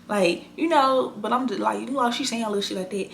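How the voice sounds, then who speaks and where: A young woman telling a storytime vlog, blunt and animated, swearing freely in casual slang. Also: medium pitch, brisk, a little hiss or hum.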